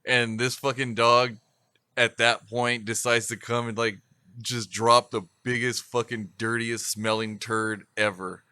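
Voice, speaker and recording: Bright-voiced man telling a profane story. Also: medium pitch, flat delivery, measured pace, clean tone, no room sound, clean studio sound. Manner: profane, rambling storyteller who laughs often. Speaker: podcast co-host. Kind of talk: casual chat.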